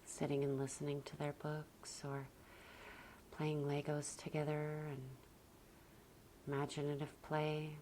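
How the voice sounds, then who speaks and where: A young adult woman talking gently and slowly about calm parenting, often dropping almost to a whisper. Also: low-pitched, slight background noise. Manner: soft, slow and gentle, often near a whisper. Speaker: parenting vlogger. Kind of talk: calm reflective talk to camera.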